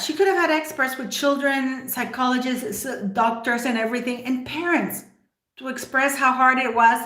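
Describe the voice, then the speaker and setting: A woman's voice: on the high side, a bit bright. A woman hosting a livestream, giving opinionated commentary straight to her viewers and firing off rhetorical questions. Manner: emphatic, full of rhetorical questions. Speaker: livestream host. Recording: roomy echo.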